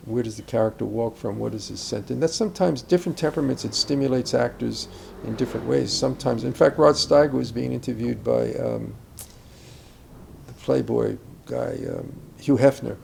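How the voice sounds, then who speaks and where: Gravelly older man talking craft. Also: medium pitch, moderate pace, a little mellow, slight background noise. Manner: reflective, rambling with asides and restarts. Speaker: acting teacher. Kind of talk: conversational interview about acting.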